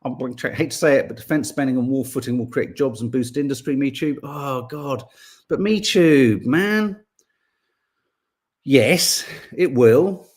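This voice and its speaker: A man, hosting a podcast in casual chat and reading out viewer comments in a rambling, animated way. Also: medium pitch, a little slow. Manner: rambling, animated, full of restarts and asides. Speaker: podcast host.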